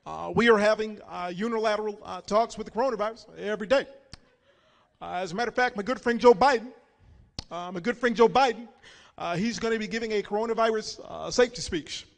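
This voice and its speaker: A man doing an impression of a poised president speaking slowly, with many "uh" pauses. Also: high-pitched, gravelly, big-room sound. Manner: measured, full of "uh" pauses. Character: poised measured male president at a podium.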